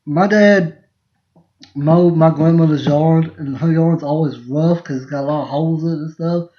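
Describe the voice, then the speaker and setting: A man's voice: a little high, normal speed. A man, hosting a podcast and telling rambling, laughing family stories in a casual live stream. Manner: rambling, laughing, restarts mid-sentence. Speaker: podcast host. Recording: lo-fi dull sound.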